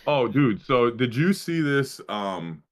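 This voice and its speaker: A man's voice: mid-range voice, expressive, slow. A young man co-hosting a podcast, rambling casually about sports with lots of restarts. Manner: rambling, profane, full of restarts. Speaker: podcast co-host.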